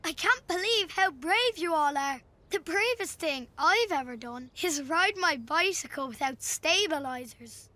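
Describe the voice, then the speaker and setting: A woman's voice: lively intonation, measured pace, hardly any pauses, heavily acted. A woman voicing a cheerful, curious four-year-old boy in a children's cartoon. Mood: cheerful, polite. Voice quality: high bright childlike voice.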